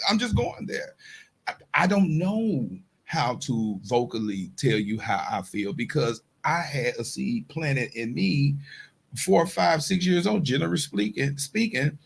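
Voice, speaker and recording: A man's voice: fairly high pitch, lively intonation, a little slow, vocal fry, slightly rough. A man hosting a podcast, talking earnestly in casual conversation, often repeating phrases as he searches for words. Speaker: podcast host.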